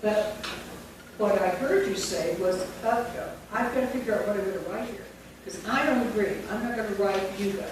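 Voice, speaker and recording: A woman's voice: medium pitch, a little fast. Woman teaching from far off, very echoey. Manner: instructive, dictating and quizzing the room. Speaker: teacher trainer. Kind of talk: teacher training workshop. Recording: very echoey room from far off, with noise.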